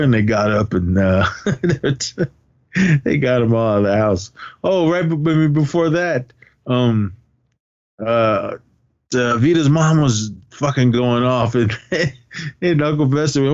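A man's voice: mid-range voice, lively intonation, slow, long pauses, a little mellow, dull audio. A man casually recapping a comedy film on a podcast, laughing often and acting out quoted lines. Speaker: podcast co-host. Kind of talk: casual movie recap chat.

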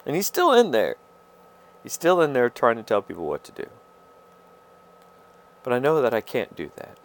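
A man hosting his own podcast, talking through a halting, confessional monologue full of fillers and restarts. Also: medium pitch, wildly swooping pitch. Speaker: podcast host. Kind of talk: rambling personal monologue.

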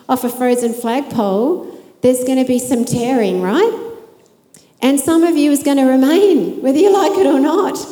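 Female preacher, earnest sermon, high and mellow voice, hall reverb.

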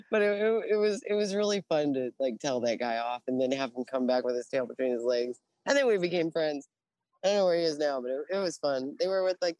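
Low, dry-voiced middle-aged woman, blunt and profane storyteller, lively quotes. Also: no echo. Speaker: interview guest, Navy veteran. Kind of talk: casual storytelling.

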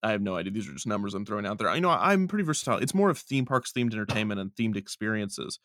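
A man who makes online videos, chatting casually in a rambling, animated way with frequent laughter. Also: on the low side, racing, dry recording, clean studio sound. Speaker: video creator and podcast host. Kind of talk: casual conversation.

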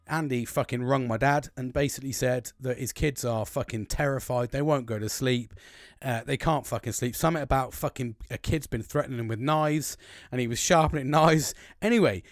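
A man's voice: mid-range voice, no room sound, studio quality. A British man in his forties rambling through a childhood story, swearing constantly and laughing as he goes. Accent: British English. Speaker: podcast host. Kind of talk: casual storytelling.

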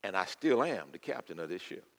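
An older man preaching a sermon, swinging from loud, fervent declaiming to quiet, intimate asides. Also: deep voice, sing-song, brisk.

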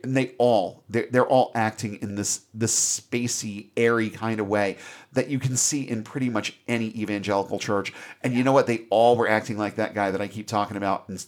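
A man giving a casual, animated movie recap as a podcast host, with free swearing. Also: lowish voice. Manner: animated storyteller, swears freely.

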